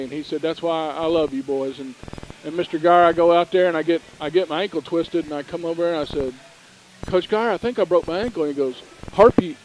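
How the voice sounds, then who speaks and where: A middle-aged man co-hosting a local sports broadcast, telling folksy, animated stories. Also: on the high side, a little hiss or hum, rough recording. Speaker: radio sports co-host. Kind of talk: casual storytelling.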